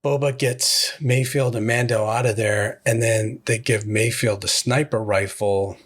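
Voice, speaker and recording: A man's voice: medium pitch, steady tone, unhurried. A man hosting a podcast, casually retelling a TV episode scene by scene and quoting the characters' lines. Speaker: podcast host.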